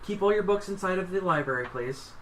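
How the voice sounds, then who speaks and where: A man voicing a polite, quiet female librarian in whispered role-play, speaking softly and courteously. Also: high-pitched, animated, a little fast, echoey room, recorded from a distance, a little hiss or hum, voice pushed up, rough recording. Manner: stage whisper, gentle and courteous.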